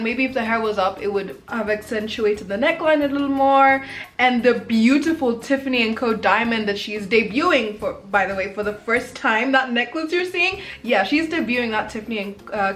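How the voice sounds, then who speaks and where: A young woman from Kenya giving an expressive, slangy, dramatic fashion review in a casual vlog. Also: on the high side. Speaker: fashion commentator.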